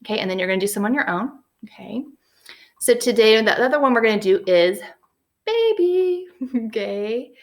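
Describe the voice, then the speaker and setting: A woman teaching young children a phonics lesson, patient and encouraging, slowly sounding out letters and words. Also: on the high side, expressive. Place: at home with a whiteboard.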